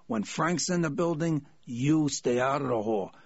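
A man voicing a hulking, stern male bodyguard who gives slow, firm warnings. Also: fairly high pitch, slightly rough, no echo, muffled recording.

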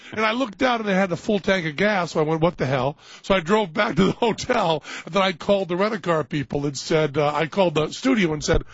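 A man's voice: high voice, breathy edge, dry recording, dull audio. A man hosting a radio show, telling rambling stories and laughing a lot in casual chat.

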